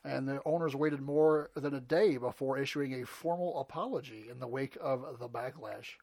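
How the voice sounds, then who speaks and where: A man co-hosting a casual comedy podcast, reading news items aloud with deadpan asides, his throat sore. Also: medium pitch, moderate pace, vocal fry, no echo. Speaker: podcast co-host. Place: hot small room.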